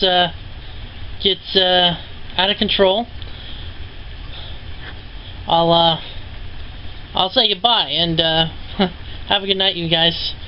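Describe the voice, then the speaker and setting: A man's voice: high-pitched, muffled recording, slight background noise. A man vlogging in a rambling, profane monologue, full of fillers and little laughs. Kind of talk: rambling casual monologue to camera.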